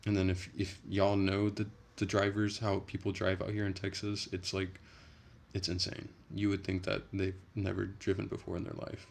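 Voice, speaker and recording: A man's voice: deep voice, creaky. A man chatting casually on a livestream, rambling and profane, with frequent restarts.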